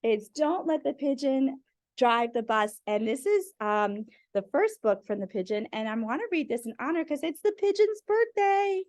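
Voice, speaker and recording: Woman storyteller, high voice, dry close sound, talks straight to children. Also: very animated, moderate pace, darkish tone, no room sound. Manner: friendly, addressing kids directly. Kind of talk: reading picture books aloud to children.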